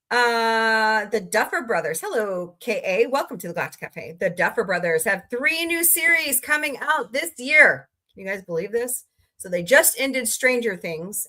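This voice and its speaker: A woman's voice: fairly high pitch, sharp tone. A woman hosting a casual livestream, greeting viewers by name and ranting about entertainment news. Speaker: livestream host. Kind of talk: casual chat with live chat readers.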